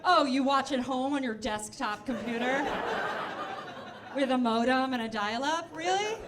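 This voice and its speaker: A woman doing a stand-up comedy set in a club, chatting quickly with the crowd in quick asides. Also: high voice. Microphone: handheld stage mic. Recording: noisy live club recording.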